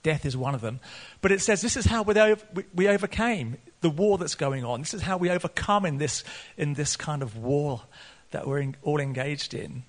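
A man preaching a sermon, earnest, laughing often, and rising to excited peaks. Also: fairly high pitch, moderate pace, few pauses. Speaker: pastor.

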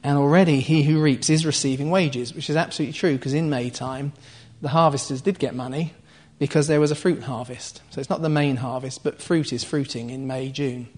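A man's voice: medium pitch, steady tone, a little fast, hardly any pauses. A man preaching, retelling and explaining a scripture passage in a conversational teaching style, with asides to his listeners. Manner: explains scripture line by line with asides and soft laughs.

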